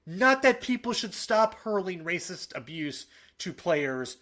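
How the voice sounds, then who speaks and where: A man co-hosting a casual sports podcast. He talks in an animated, opinionated way and often restarts his sentences. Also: high voice, a little slow. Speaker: podcast co-host.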